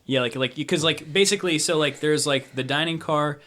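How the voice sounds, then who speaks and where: A man's voice: fairly high pitch, normal speed, a bit bright. A young man narrating a tabletop game as game master, describing scenes in a rambling way full of fillers.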